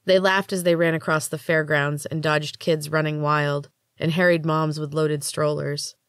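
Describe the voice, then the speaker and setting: A woman reads her own story aloud in a calm, measured narration. Her voice sits low. The recording is dry and close, with no room echo. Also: smooth. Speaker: podcast host reading her own fiction. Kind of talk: audiobook-style story narration.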